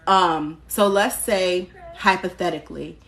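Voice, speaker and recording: Woman on a phone live stream, lowish pitch, candid and chatty, fields comments and drops the odd curse. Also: unhurried, vocal fry, a bit bright, slight background noise. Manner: candid and chatty, reads out and answers viewer comments, occasional swearing. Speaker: spiritual practitioner hosting a live stream.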